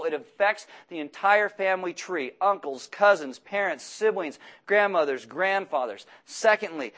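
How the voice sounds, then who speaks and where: Guy preaching a sermon, kinda high-ish voice, jokey and animated. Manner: animated and jokey, mixing scripture reading with asides. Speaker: pastor.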